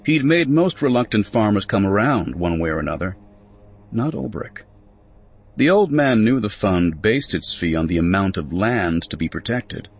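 A man narrating a story in an expressive, scripted audiobook reading. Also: lowish voice, normal speed, breathy edge.

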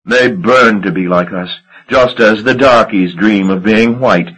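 A cruel ancient vampire lord drawls in a silky, mocking, unhurried way, as a male narrator puts him on. The voice sits low and husky underneath. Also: a bit bright, rough recording.

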